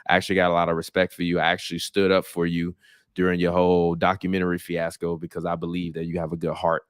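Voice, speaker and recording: Male sports host, very low voice, dry close sound, casual and blunt to camera, lots of ums. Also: monotone, quick pace, smooth, dry recording. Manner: candid, blunt, defensive, with frequent filler ums. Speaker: sports reporter and show host.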